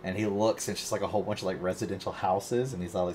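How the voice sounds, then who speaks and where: A man's voice: low voice, fairly even intonation, racing, hardly any pauses, darkish tone, slight background noise. A man hosting a podcast, telling a long rambling story in casual chat and swearing constantly. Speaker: podcast host.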